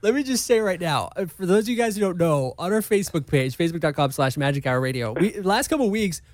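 A man's voice: high voice, lively intonation, fast, no echo, studio quality. A man hosting a radio show, upbeat and announcing plugs. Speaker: radio host.

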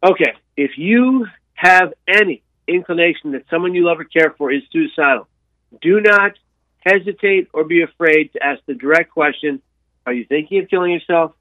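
A man recounts his story for an interviewer, animated and full of restarts and repeated words. His voice sits a little high. The sound is dry and thin, like a phone line. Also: a little fast, no room sound. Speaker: guest sharing his life story.

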